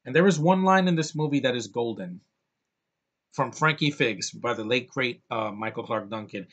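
Male movie reviewer, casual vlog delivery, excitable and gushing, trips over his words, middle-of-the-road pitch. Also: normal speed, slightly rough, highs cut off. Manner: excitable, gushing, rambling with restarts.

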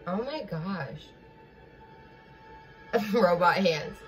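A woman's voice: on the low side, expressive, extremely slow, soft background music. A young woman hosting a reaction video, chatting casually, giggly and squeamish.

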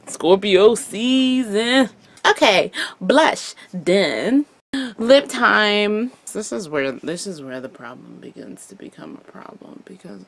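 A woman's voice: deep voice, vocal fry. A young adult woman vlogger chatting casually through a makeup tutorial, playful and chatty, tossing in little sound effects. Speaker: beauty vlogger.

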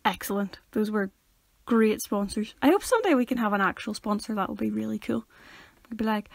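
A woman's voice: medium pitch, vocal fry, dry recording, clean studio sound. A young woman with a Northern Irish accent, co-hosting a casual podcast chat in a teasing, chatty way. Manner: teasing, chatty, quick to laugh. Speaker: podcast co-host.

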